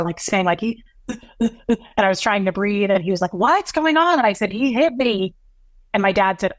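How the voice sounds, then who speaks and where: A woman speaks as an interview guest, telling a painful story at length. Her talk is halting and emotional, with restarts. Her voice sits at a medium pitch and the sound is close and dry. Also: dry recording. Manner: emotional, long-winded, halting recounting.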